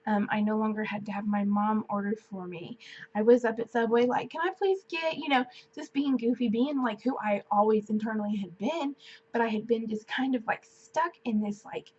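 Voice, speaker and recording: A woman in her twenties vlogs to camera, telling a personal story casually and chattily with plenty of fillers like "like" and "um". Her voice is mid-range, slightly mellow and a bit rough, with fairly even intonation at a moderate pace, and the audio is dull.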